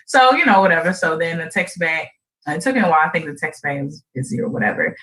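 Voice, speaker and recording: Animated woman host telling a story. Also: fast. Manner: animated, laughs often, jumps into high excited voices when quoting. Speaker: radio show host. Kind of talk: casual storytelling chat.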